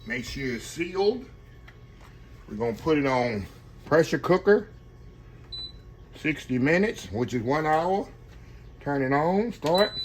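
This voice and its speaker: A man's voice: a little high, fairly bright tone, slight background noise. A man hosting a casual cooking demonstration in his home kitchen, chatty and folksy, always calling out to his viewers. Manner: folksy, chatty, keeps addressing viewers as y'all. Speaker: cooking channel host.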